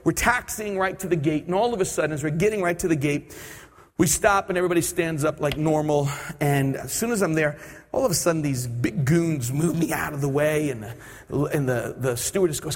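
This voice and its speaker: Animated preacher man in reverberant hall. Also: on the high side, a little fast. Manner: animated storytelling, acts out his own thoughts. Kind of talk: sermon with personal story. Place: church service.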